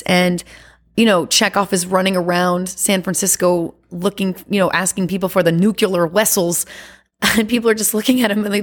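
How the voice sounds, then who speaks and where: A woman chatting as a podcast guest, animated and laughing often, with many fillers. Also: mid-range voice. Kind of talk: casual chat.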